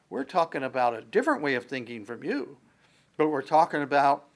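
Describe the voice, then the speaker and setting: A man preaching a sermon as a pastor, teaching verse by verse in a conversational way, with asides, restarts and the odd chuckle. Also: on the high side.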